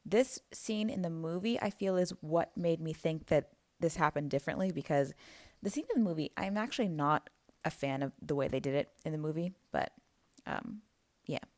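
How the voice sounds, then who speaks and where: A young woman talks through a book's plot in a casual, playful way. Her voice sits a little low, and she jumps into characters' lines to act them out. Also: moderate pace, a little mellow. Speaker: book vlogger. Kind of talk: casual book recap.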